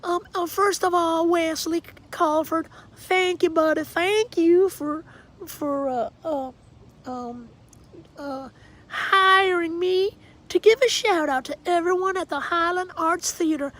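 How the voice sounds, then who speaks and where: A man's voice: extremely high pitch, takes it slowly, bright, forceful tone, pitched above the performer's own voice, heavily acted. A man putting on a folksy Savannah drawl. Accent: Savannah, Georgia. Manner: drawling, digressive, homespun sayings. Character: folksy, rambling Southern gentleman musing aloud. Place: outdoors on a backyard deck.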